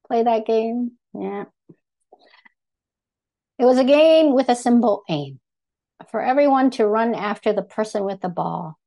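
Brief: older woman from Thailand, measured read-aloud to a live audience, gravelly edge. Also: medium pitch, mellow. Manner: measured, deliberate reading with small self-corrections. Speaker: speaker reading a personal essay.

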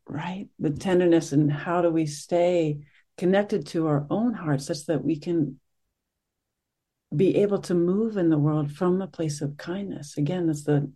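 A middle-aged meditation teacher giving a soft-spoken, reflective talk after a group sit, pausing often and searching for words. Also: mid-range voice, breathy edge. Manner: soft-spoken, gentle, searching, with many pauses and fillers.

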